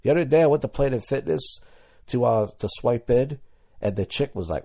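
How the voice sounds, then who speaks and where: A young adult man hosts a podcast, delivering a comedic monologue of crude, rambling stories. His voice is lowish and mellow, his pace quick, and he mimics the people he quotes.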